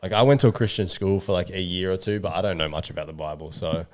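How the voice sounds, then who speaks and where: A man from New Zealand talking as a guest on a casual podcast, relaxed and peppering his speech with "like". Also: low-pitched. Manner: rapid, relaxed, lots of "like". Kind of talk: casual chat.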